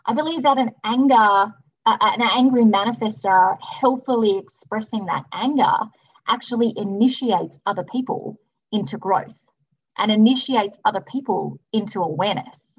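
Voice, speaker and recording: A woman's voice: mid-range voice, moderate pace, husky, highs cut off. A woman hosting a spiritual self-help podcast, talking earnestly and emphatically in long runs of repeated phrases. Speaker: podcast host.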